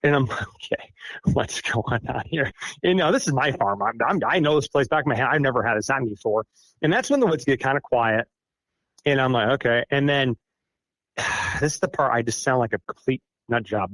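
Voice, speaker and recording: A man's voice: mid-range voice, a bit bright, dry recording. A middle-aged man from Iowa tells a long personal story as a podcast guest, in an ordinary mid-range voice. He rambles, laughs at himself and fills gaps with "uh" and "like". The sound is dry and close, with no room around it. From Iowa, United States. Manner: rambling, self-deprecating, with frequent fillers. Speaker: guest recounting an encounter. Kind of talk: casual storytelling.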